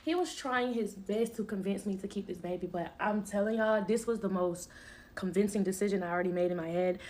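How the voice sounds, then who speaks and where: A young woman telling a casual storytime, emphatic and slangy, acting out what others said and laughing often. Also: mid-range voice. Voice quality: animated, emphatic, quick to laugh. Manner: slangy and expressive, acting out quoted lines.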